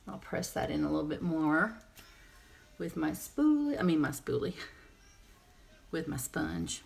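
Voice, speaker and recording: Chatty woman with a low voice, rambling through a live makeup demo. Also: steady tone, normal speed, vocal fry, breathy edge, soft background music. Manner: chatty, rambling, answers viewer comments. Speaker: makeup seller and presenter. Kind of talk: casual live makeup tutorial.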